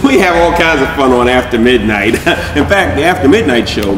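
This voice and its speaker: A man's voice: mid-range voice, expressive, normal speed, roomy sound, long reverb tail, far from the mic, noisy background. A man hosting a comedy show, joking and rambling with restarts. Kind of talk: improvised comedy banter.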